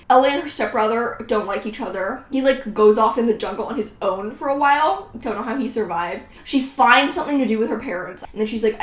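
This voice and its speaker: A young woman in her twenties with a slightly high voice, dryly poking fun at herself. She talks casually and sarcastically, and the sound rings with room echo. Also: a little fast, hardly any pauses. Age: 20s. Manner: sarcastic, self-mocking, laughs at herself. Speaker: writing vlogger. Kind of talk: casual reaction vlog. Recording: roomy echo.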